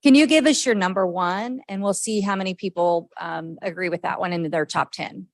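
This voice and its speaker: Gravelly-voiced woman leading a meeting. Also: on the low side, dry recording, poor audio. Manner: brisk, encouraging, with frequent okays. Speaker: meeting facilitator. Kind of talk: leading a group discussion. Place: government meeting room.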